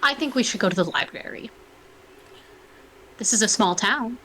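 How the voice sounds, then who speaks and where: A woman's voice: mid-range voice, expressive, moderate pace, sharp tone, a little hiss or hum, rough recording. A woman playing in a tabletop game, speaking casually and matter-of-factly. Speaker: player. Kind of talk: casual in-character play.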